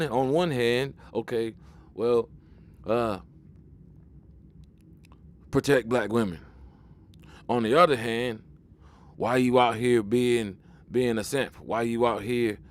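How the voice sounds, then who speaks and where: Emphatic preachy man, mid-pitched voice. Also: takes it slowly, long pauses. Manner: emphatic, preachy, repeats and restarts words. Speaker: video commentator. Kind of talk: casual monologue.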